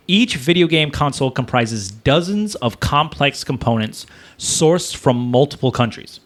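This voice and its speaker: Podcast guy reading out a press statement, lively intonation, goofs around. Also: mid-range voice. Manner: jokey, reads statements aloud. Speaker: podcast co-host. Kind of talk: casual chat, reading news excerpts.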